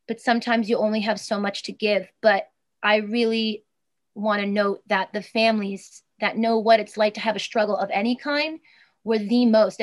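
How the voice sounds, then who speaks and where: This is a woman in her thirties speaking as an interview guest. Her voice sits at an ordinary middle pitch, and she talks earnestly and with feeling, often restarting her sentences and filling pauses with "um" and "you know.". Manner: earnest, emotional, many fillers and restarts. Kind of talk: personal interview.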